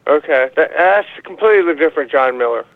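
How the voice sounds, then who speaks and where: A man calls in over a tinny, phone-like line that sounds very dry. His voice sits high for a man, and he rambles along with constant fillers and swearing. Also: animated, no echo. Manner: rambling, profane, halting with many fillers. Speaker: caller. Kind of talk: call-in rant. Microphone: phone call.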